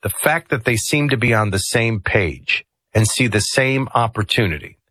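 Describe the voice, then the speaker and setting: A middle-aged man hosting a talk radio show, giving conversational political commentary with digressive, animated asides. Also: medium pitch, normal speed, no room sound.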